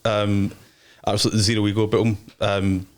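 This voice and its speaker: A man's voice: lowish voice, level tone, fairly quick. A young Scottish man, a DJ and promoter, telling rambling, slangy anecdotes as an interview guest. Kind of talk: casual interview chat.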